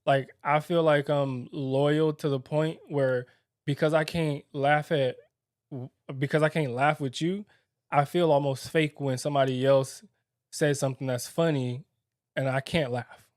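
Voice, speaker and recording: On a podcast he hosts with his wife, a young man reflects candidly in a fairly high voice with fairly even intonation. The studio sound is clean and echo-free, and his speech halts with frequent fillers and restarts.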